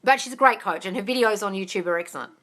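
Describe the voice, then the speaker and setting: A woman hosting a casual live Q&A as a manifestation coach, chatty and animated, swearing freely and laughing often. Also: mid-range voice, racing. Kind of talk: casual live-stream chat.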